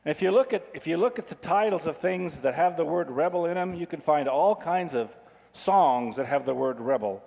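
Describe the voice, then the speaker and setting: A man gives a sermon in an easy, conversational manner and keeps asking his listeners questions. His voice sits a little high for a man. A long reverb from the hall trails after his words. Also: animated, normal speed, vocal fry, a little mellow, dull audio. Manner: conversational, asks the audience questions. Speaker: pastor.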